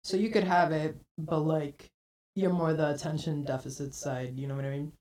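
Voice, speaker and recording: A woman's voice: low voice, steady tone, normal speed, darkish tone, recorded from a distance. A woman in her twenties co-hosting a podcast, telling a rambling story full of fillers. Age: 20s. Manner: rambling storytelling, many likes. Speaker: podcast co-host. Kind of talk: casual chat.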